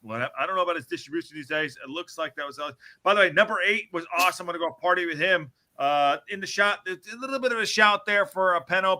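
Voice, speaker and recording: A man with a very bright, fairly high voice calls the action like a fan behind the mic. His play-by-play is excitable and joking, with the odd swear word thrown in. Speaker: podcast host. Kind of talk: casual match commentary.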